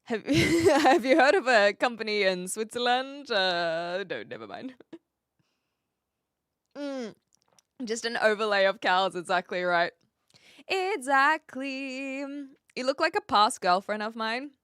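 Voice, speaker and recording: A woman's voice: on the high side, big pitch swings, takes it slowly, fairly bright tone, smooth, dry recording, studio quality. A woman from New Zealand with a light Kiwi accent, chatting casually with viewers on a live stream, laughing often as she answers their messages.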